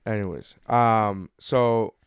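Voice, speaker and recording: A man's voice: fairly low pitch, takes it slowly, smooth, dry recording, studio quality. A young man hosting a podcast, telling a story in casual, joking banter and swearing freely. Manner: joking, profane, animated storytelling. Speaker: podcast host.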